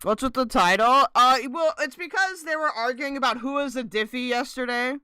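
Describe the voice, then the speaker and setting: A woman's voice: high voice, normal speed, pushed and bright, clean tone, dry recording. A woman streamer chatting casually and sarcastically, rambling and swearing as she reacts to another live stream. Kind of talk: casual livestream chat.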